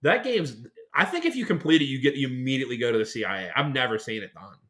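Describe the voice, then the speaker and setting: A man's voice: medium pitch, expressive, fast talker, fairly bright tone. A man co-hosting a casual podcast, boisterous and profane, with a Western Pennsylvania accent, often slipping into exaggerated impressions. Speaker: podcast co-host. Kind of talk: casual chat.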